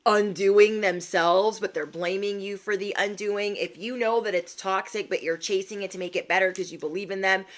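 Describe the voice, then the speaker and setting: A young woman hosting a spiritual livestream, talking to her viewers in a sassy, slangy way and laughing often. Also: medium pitch. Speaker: spiritual reader and livestream host. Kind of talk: casual livestream pep talk.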